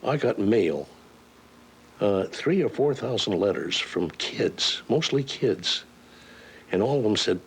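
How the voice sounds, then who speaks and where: With soft music in the background, an older voice actor recounts anecdotes in a casual interview, chuckling and shifting into character voices. His pitch is fairly low, his pace slow, and his intonation lively.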